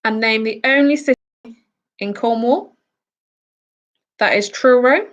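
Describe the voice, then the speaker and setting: A woman's voice: on the high side, measured pace, dull audio. A woman from the UK hosting a casual quiz, reading out each question and answer with chatty asides. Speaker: quiz host.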